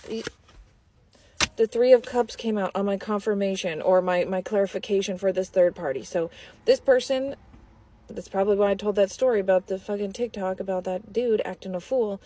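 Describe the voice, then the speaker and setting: A woman's voice: mid-range voice, warm tone, slight background noise. A young woman giving a casual tarot reading, talking bluntly and chattily with lots of filler words and the odd swear. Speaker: tarot reader.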